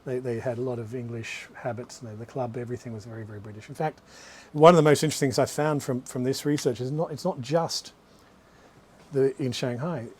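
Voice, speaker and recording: A man's voice: mid-range voice, steady tone, a little fast, husky. A man, an author, giving a live talk about his books in a bookshop, rambling through anecdotes with frequent restarts and asides. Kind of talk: live talk to a small audience.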